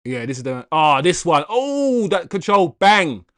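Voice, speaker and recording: A man's voice: on the high side, a little slow, dry recording, clean studio sound. Slangy man hosting a livestream. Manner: animated, slangy, laughs and rambles. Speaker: host of a football livestream. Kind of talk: casual livestream chat, reading viewer comments.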